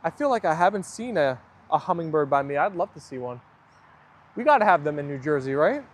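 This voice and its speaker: A man's voice: fairly high pitch, sing-song, brisk. A man hosting a casual live stream, chatting away and reading viewer comments aloud, then answering them.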